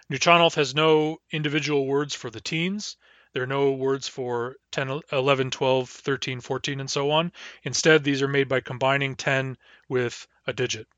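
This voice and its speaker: Man, language teacher, measured delivery, repeats words slowly, dull lo-fi recording. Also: mid-range voice, a bit bright, no room sound. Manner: measured, spells out and repeats each word slowly.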